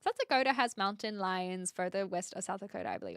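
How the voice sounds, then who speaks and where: A woman's voice: lowish voice, very animated, quick pace, hardly any pauses, fairly bright tone, smooth, dry recording, clean studio sound. A woman from New Zealand with a British accent and a slight Australian twang, chatting casually as a streamer, reading viewer messages aloud and laughing often.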